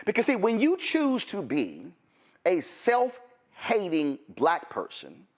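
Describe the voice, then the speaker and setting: A man's voice: sits high, wildly swooping pitch, slow pace. A male talk show host doing a commentary monologue, telling a story with asides to his audience.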